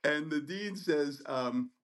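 A middle-aged man telling a story on a podcast in a casual, animated, profane way, acting out the people in it. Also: fairly high pitch, slow pace. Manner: animated, profane, acts out voices in his story. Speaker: podcast co-host.

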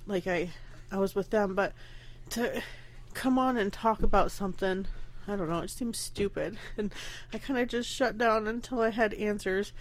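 A woman's voice: medium pitch, moderate pace. A young adult woman hosting her own podcast, talking candidly and rambling, pregnant and emotional, close to tears, with nervous laughs. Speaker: podcast host. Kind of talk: casual personal podcast.

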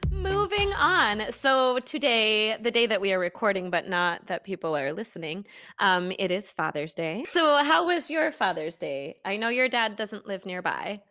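An American woman in her thirties talks in a relaxed podcast chat and tells lively stories, laughing often. Her voice sits at a middle pitch, and she sounds close and dry with no room echo. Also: moderate pace, faint music behind. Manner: chatty, laughs often, animated storytelling. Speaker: podcast co-host. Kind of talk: casual chat.

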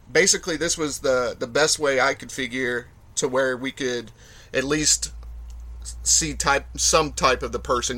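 A man from the American South hosting a podcast, talking in a relaxed, rambling way with lots of laughs. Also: medium pitch. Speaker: podcast host. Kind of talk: casual podcast chat.

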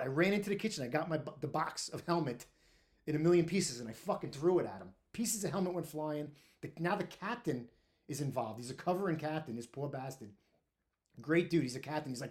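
A man telling his own firehouse story in a blunt, profane, animated way, full of restarts. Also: a little high, brisk. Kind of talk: casual storytelling monologue.

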